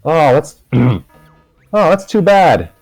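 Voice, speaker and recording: A man's voice: mid-range voice, very animated, fairly quick, darkish tone, no room sound, soft background music, voice pushed up. A man voicing a kind, courteous male Dalmatian who is the older brother of a big family. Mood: polite.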